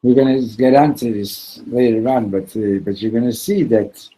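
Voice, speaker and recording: A man teaching a Torah class, telling stories in an animated way, acting out the characters and sprinkling in Yiddish and Hebrew words. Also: medium pitch, moderate pace, low-quality recording.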